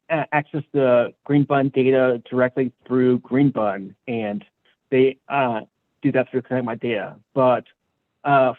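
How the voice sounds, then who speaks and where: A man testifying as an expert witness over a remote call, hesitant and full of fillers, his voice muffled. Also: mid-range voice. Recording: tinny muffled phone-like line.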